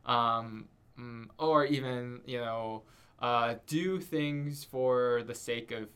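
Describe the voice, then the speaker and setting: A young man co-hosts a casual podcast in a medium-pitched, slightly bright, clean voice, speaking at a slow pace. He's hesitant, full of fillers and restarts, and caps his points with "right?"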